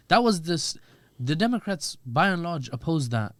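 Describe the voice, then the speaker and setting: A man, a podcast guest giving lively, joking political commentary. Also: fairly high pitch, normal speed, dry recording. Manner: animated, joking, acts out quoted voices.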